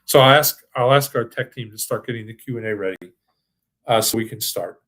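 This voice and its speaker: Chatty older man pitching with restarts. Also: a little fast, a bit bright. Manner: enthusiastic salesy pitch with many restarts. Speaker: financial advisor hosting a webinar. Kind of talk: presentation and live Q&A.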